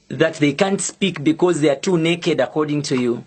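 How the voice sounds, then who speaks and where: A young adult Zambian man with a Zambian accent, speaking as an activist in a public video statement, in a deliberate and emphatic way with pointed pauses. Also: fairly high pitch, a little mellow, breathy edge.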